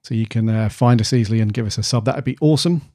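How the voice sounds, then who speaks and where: A man's voice: lowish voice, rapid-fire, darkish tone, no echo, studio quality. A man hosting a casual podcast, chatty and jokey with plenty of slang. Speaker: podcast host.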